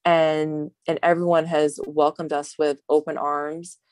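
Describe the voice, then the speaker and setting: A woman's voice: low voice, flat delivery, a little slow, a little mellow, no room sound. A woman from Hawaii, a bodybuilding competitor, chatting as an interview guest, rambling and laughing, tired. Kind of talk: casual interview talk.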